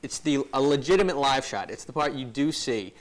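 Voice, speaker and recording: A man's voice: medium pitch, animated, fairly quick. A man hosting a live telethon, joking with his guest and cueing up clips. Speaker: telethon host. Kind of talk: live TV host chat.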